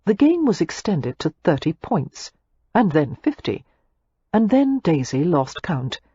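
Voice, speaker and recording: Expressive woman narrating an audiobook. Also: low voice, measured pace, slightly rough, dry recording, muffled recording. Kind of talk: scripted narration.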